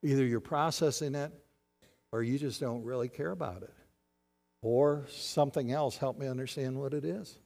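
A man's voice: medium pitch, normal speed, vocal fry, a little mellow, faint music behind. A man preaching a sermon as a pastor, putting questions to the congregation and answering them. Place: church sanctuary. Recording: long hall reverb.

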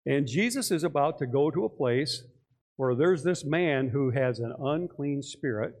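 An older man preaching a sermon, animated, acting out voices and putting questions to his congregation. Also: medium pitch, unhurried. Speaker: pastor.

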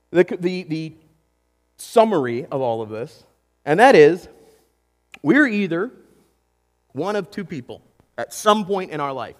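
A man preaching a sermon in an animated way, acting out quotes and talking straight to his audience. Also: on the high side, in a large hall. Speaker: pastor.

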